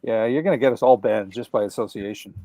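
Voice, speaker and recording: Mellow laid-back man, dry sound. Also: lowish voice, quick pace, no room sound. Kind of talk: casual chat.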